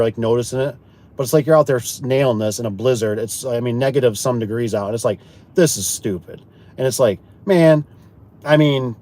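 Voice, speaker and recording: A man who installs garage doors, chatting casually about jobs and acting out what customers and co-workers said, often repeating words as he restarts a sentence. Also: medium pitch. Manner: animated, acts out quoted customers and himself. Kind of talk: casual storytelling chat.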